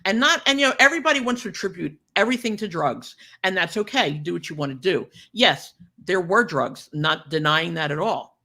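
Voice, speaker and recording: Animated, chatty woman host. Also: lowish voice, a little fast. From New Jersey. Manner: animated, chatty storyteller who laughs a lot. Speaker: podcast host. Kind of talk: casual chat.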